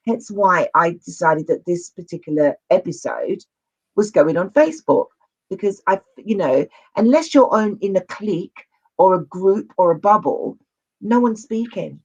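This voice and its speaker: A talk show host speaking casually and haltingly, restarting sentences often. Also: mid-range voice, animated, poor audio. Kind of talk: casual interview chat.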